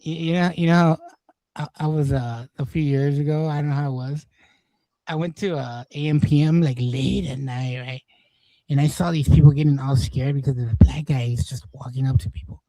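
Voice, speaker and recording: A man's voice: medium pitch, fairly even intonation, normal speed, mellow, no echo. A man hosting a livestream, chatting loosely and swearing, laughing through his stories. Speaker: livestream host. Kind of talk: casual stream chat.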